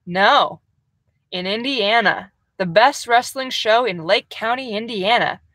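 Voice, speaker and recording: A woman's voice: on the high side, slow pace, a bit bright, dry recording. A young woman hosting a casual livestream from a camper van, chatting and laughing as she reads viewer comments.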